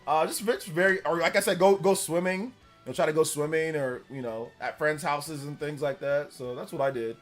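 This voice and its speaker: With faint music behind him, a Central Californian man in his forties chats on his live stream in a slightly high, brisk voice. He reads donations and tells stories loudly, laughing as he goes, his talk rambling and full of fillers.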